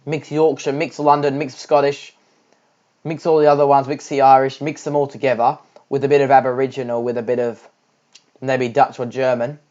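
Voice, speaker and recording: A man's voice: mid-range voice, darkish tone, lo-fi sound. A young Australian man giving homemade live cricket commentary, chatty and rambling with lots of fillers.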